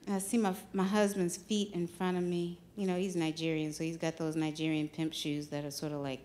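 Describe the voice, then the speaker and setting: Speaking fairly quickly in a low voice, a woman entertains a live venue audience with a funny true story at a storytelling night. She's animated, salty-tongued and keeps breaking into laughter mid-line.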